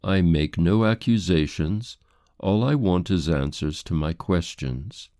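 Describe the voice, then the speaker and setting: A stern, grave police inspector in an audiobook, formal and measured, with a deep, dark and gravelly voice from the man reading. Every word sounds dry and close. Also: expressive, dry recording. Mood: grim.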